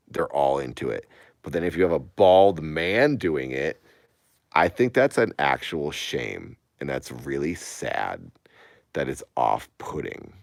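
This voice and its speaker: Very deep, gravelly-voiced man in his thirties. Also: dry recording, studio quality. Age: 30s. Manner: rambling, turns emphatic and incredulous. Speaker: streamer. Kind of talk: casual live-stream chat.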